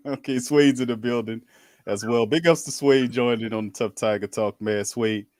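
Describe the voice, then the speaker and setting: A man's voice: mid-range voice, a little slow, darkish tone, no room sound. A man hosting a casual sports talk stream, laid-back, slangy and chuckling. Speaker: podcast host.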